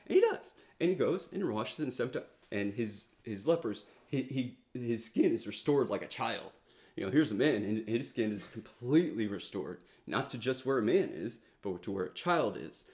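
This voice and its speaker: Halting, casual male preacher. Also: mid-range voice, very animated, a little mellow. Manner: conversational, halting with many fillers and restarts, acts out quotes. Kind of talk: casual sermon storytelling.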